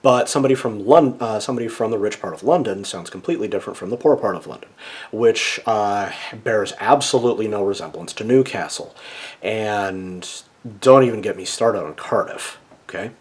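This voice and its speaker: Lower-voiced man explaining things. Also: brisk. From United States. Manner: lecturing, checks in with a frequent "okay?". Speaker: video essayist. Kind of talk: casual explanatory monologue.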